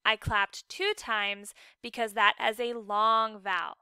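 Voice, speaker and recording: A woman's voice: mid-range voice, little pitch movement, very noisy. A woman teacher giving a recorded phonics lesson for children, patient and encouraging, drawing out each word with exaggerated care. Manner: slow, exaggerated enunciation of words.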